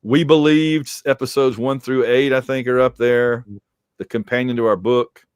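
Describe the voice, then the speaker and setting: A podcast co-host with a clear, resonant mid-range voice speaks at normal speed in a steady tone, with clean studio sound and no room echo. Reading out supporter names on a casual show, he jokes and teases as his voice grows worn.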